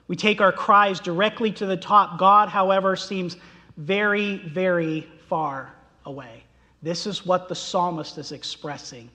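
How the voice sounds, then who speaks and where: A man's voice: high voice, a little slow, bright, forceful tone. A man preaching a sermon, impassioned, his voice rising sharply when he voices quoted cries. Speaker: pastor. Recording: long reverb of a large hall.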